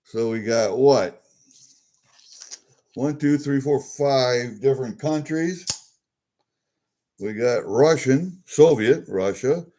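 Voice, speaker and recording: Slow and mellow, with frequent pauses, the vlogger's mid-range voice accompanies a casual unboxing. He goes through coins from a newly opened package, chatty and quickly delighted, murmuring to himself as he goes.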